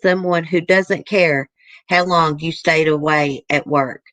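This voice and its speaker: Woman host reading a letter out loud, earnest, gets moved, dry no-echo sound. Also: low voice, steady tone, slow. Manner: earnest, easily moved, breaks off to comment. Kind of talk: casual chat reading a letter aloud.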